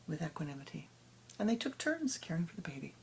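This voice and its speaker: A woman spiritual teacher telling a parable in a meditation talk, dramatic and rhythmic, often dropping to a hush. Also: low voice, sing-song, fast talker, a little hiss or hum.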